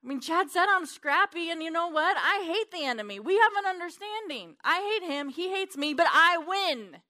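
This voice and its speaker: Woman preacher, emphatic sermon delivery, bright and forceful tone. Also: very high voice, expressive, a little fast. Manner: fervent, emphatic, swinging from loud to hushed. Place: church.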